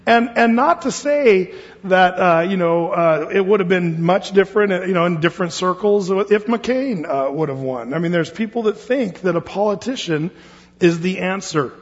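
A pastor from Oregon leading a Bible study in a church hall, talking casually with many fillers and restarts. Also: male voice, sits high, moderate pace. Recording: dull lo-fi sound with long hall reverb.

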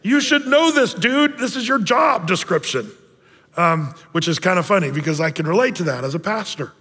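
A man preaching with a high, lifted voice and a loose, joking delivery. He keeps it conversational and sometimes acts out Bible figures in playful voices. His voice trails off into a long hall reverb. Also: expressive, moderate pace, bright, forceful tone, slightly rough. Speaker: pastor. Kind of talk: sermon.

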